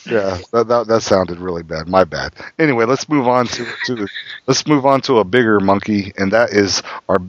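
A man hosting a casual podcast, loose and profane, tripping over his words as he restarts. His voice sits fairly low. The sound is dry and dull, with a lo-fi edge. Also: normal speed, dry recording. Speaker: podcast host. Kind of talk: casual chat.

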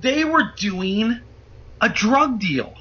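A man telling a wild story as a guest, animated and profane, acting out the voices of the people in it. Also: high voice, drawn-out words, slight background noise. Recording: muffled lo-fi audio.

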